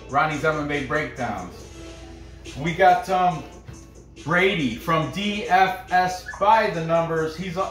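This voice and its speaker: A man hosts a casual fight picks roundup, talking slowly in a fairly high voice and drifting into asides and laughs. He sits back from the mic in a roomy, echoing space, with faint music underneath. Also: fairly bright tone, distant mic. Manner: rambling, chatty, laughs and trash-talks. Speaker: host of a fight picks show.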